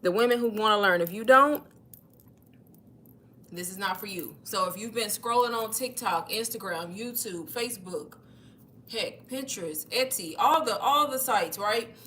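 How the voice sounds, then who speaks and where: A woman's voice: mid-range voice, normal speed, pushed and bright, slight background noise. A young woman hosting a casual livestream, chatty and a little out of breath, calling her viewers y'all. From Texas. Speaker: livestream host.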